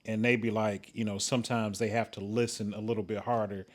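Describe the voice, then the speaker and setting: A man with a Detroit accent, co-hosting a podcast and telling stories in a relaxed, blunt way. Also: fairly low pitch, fairly quick. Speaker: podcast co-host. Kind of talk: casual chat.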